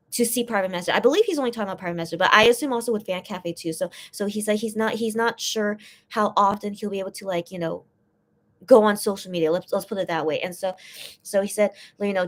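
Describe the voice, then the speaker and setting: A woman with a mid-range voice talks a little fast as she hosts a fan channel's casual live stream, translating and explaining posts. Her delivery rambles, full of fillers and restarts, and she grows teary and emotional while reading.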